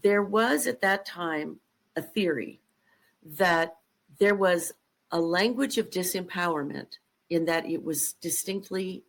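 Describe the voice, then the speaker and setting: An older woman speaks as a podcast guest, with a voice pitched a little low for a woman. She tells her story in a lively, emphatic way and brings it to life by acting out quoted lines. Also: rough recording. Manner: animated, emphatic, acts out quotes. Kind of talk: conversational storytelling.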